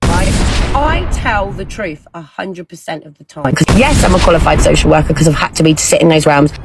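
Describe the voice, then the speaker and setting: A woman's voice: sits low, expressive, fairly quick, gravelly, background noise. A woman talking into her own video, insistent and repeating her claims. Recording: loud music over the voice. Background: loud music.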